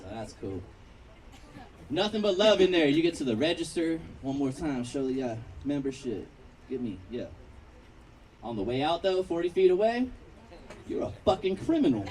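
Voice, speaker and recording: A man's voice: on the high side, animated, normal speed, pauses often, distant mic, low-quality recording. A man from Long Beach doing a profane, story-driven stand-up set at an outdoor backyard patio show. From Long Beach, California. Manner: profane, storytelling, acts out characters. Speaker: stand-up comedian. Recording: crowd laughter, mic heard from afar.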